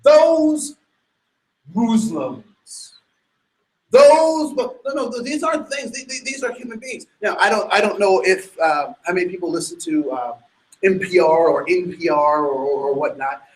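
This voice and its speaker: A man giving an animated, emphatic sermon-like talk to an audience, full of rhetorical questions and restarts. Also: high-pitched, measured pace, reverberant, poor audio. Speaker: speaker addressing an audience.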